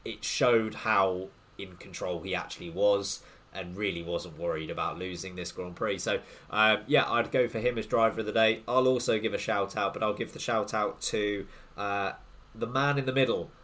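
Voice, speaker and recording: A man with a fairly low voice hosts a relaxed sports podcast. He chats loosely, sprinkling in ums and you-knows as he steers the talk from topic to topic. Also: normal speed. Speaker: podcast co-host leading the segments. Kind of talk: casual sports podcast chat.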